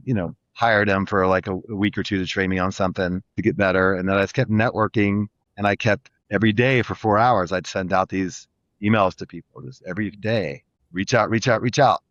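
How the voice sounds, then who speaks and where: A middle-aged man, a guest on an interview show, telling his story in an energetic, rambling way with lots of restarts. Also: deep voice, brisk, no echo. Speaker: guest entrepreneur. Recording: dry, slightly dull sound.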